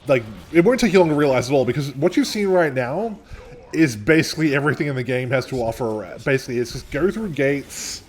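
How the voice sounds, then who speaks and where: A man's voice: medium pitch, lively intonation, brisk. A young man co-hosting a gameplay video, rambling in casual chat, laughing often and swearing casually. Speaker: gameplay co-host. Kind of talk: casual let's-play chat.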